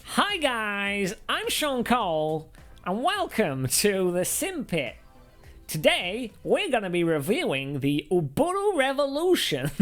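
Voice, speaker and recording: A man voicing a breezy American male sim-rig reviewer, with a put-on American accent and slow, upbeat presenter patter. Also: high-pitched, fairly bright tone, voice pushed up, exaggerated voice.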